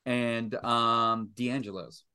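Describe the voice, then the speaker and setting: Bright-voiced, foul-mouthed man rambling candidly. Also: mid-range voice, steady tone, very slow, clean tone. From Stoughton, Massachusetts. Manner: rambling, profane, self-mocking. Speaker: guest filmmaker. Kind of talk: casual podcast chat.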